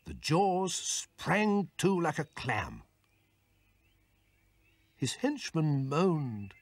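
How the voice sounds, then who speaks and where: Man narrating a kids story, fairly high voice, bit husky, super expressive up and down. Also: drawn-out words, no echo. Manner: lively, expressive reading.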